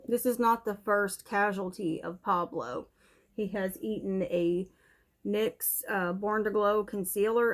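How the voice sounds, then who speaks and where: A young woman chatting through her favourite beauty products in a relaxed, candid way, a touch out of breath. Her voice sits at an ordinary middle pitch. She talks straight to the camera like she is speaking to a friend. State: a little out of breath. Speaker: beauty vlogger. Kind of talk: casual product review chat. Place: home room, TV on in background.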